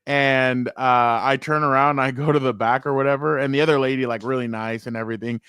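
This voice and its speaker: A man with a smooth, resonant voice tells a story on a podcast and acts out the people in it. He is recorded close and dry, with no room sound. His pitch sits in a middle range. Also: fairly even intonation, fairly quick, a bit bright, no echo. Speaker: podcast co-host. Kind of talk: casual chat, storytelling.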